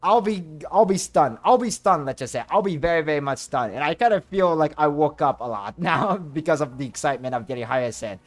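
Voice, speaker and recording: A young man streaming a game, chatting casually with viewers and exclaiming excitedly over his luck. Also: on the high side, fairly quick, few pauses, soft background music. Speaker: VTuber streamer. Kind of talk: casual livestream chat while playing.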